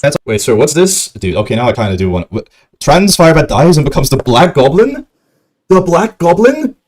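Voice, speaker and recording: A man's voice: mid-range voice, expressive, fairly quick, a little mellow, husky. A man ranting heatedly on a stream, swearing and throwing insults. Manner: heated, profane, insulting rants.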